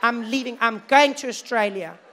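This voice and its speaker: A fretful suburban gossip whines in a shrill, dramatic voice with a South African accent, as a man puts it on. The voice sits high and carries each complaint loudly. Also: moderate pace, a faint crowd.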